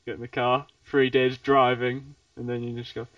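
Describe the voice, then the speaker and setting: A man's voice: medium pitch, little pitch movement, moderate pace, no room sound. A man from the UK hosting a casual podcast chat, rambling with frequent laughs. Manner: laughs often, rambling with restarts. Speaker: podcast host. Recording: dull, distant podcast mic.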